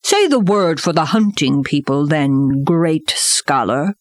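A woman's voice: deep voice, lively intonation, takes it slowly, no echo. A woman voicing an old male bear who teaches sternly, speaking earnestly and in a lecturing way in a storybook reading.

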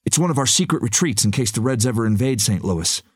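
A tough, upbeat young woman fighter, brisk and eager, as a male narrator puts her on with a voice raised high above his usual low tone. The delivery is quick and lively. The sound is dry and close, with no room around it. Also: breathy edge, no echo.

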